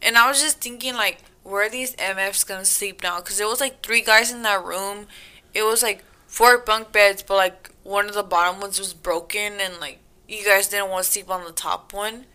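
A young woman in casual chat with friends, telling a story in an animated way and swearing freely. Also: mid-range voice, normal speed.

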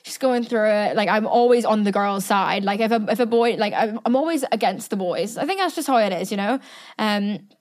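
A woman's voice: mid-range voice, a little fast. A woman in her twenties hosting a podcast, chatting casually and rambling with lots of fillers. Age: 20s. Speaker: podcast host. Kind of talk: casual chat.

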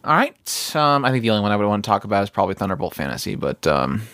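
Low-voiced man chatting on a podcast. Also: sing-song, rapid-fire, a bit bright, dry recording. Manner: rambling, many fillers and restarts. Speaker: podcast co-host. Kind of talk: casual podcast review chat.

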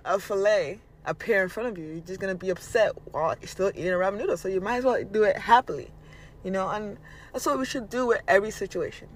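A man's voice: high-pitched, fast, a bit bright. A man hosting a podcast, giving a blunt, casual spiritual motivational monologue and swearing freely. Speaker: podcast host.

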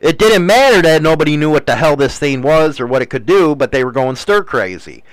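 Rambling profane guy, smooth dry voice. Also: a little high, expressive, a little fast, no echo, low-quality recording. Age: adult, married. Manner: rambling, profane, many fillers and "man". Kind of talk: casual rambling chat.

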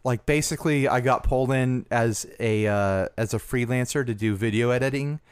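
A man co-hosting a podcast in casual chat, relaxed and rambling, laughing easily. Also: mid-range voice, normal speed, smooth, no echo, studio quality. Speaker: podcast co-host.

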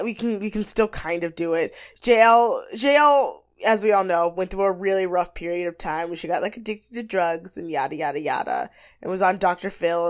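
A woman co-hosting a podcast, recapping a reality show in a casual, chatty way with lots of fillers. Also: on the low side. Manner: animated, chatty, many fillers. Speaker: podcast co-host.

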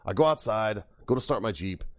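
Low-voiced foul-mouthed podcast host. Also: male voice, expressive, brisk. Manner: profane, swears constantly; rambling, laughs at own stories. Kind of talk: casual storytelling chat.

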